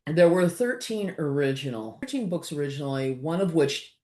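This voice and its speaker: A woman in her sixties with a low-pitched voice, chatting about her writing as an interview guest. She is animated and laughs often, with plenty of fillers and half-finished thoughts. The tone is easy and conversational. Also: normal speed. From Los Angeles. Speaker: author guest. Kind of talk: casual interview chat.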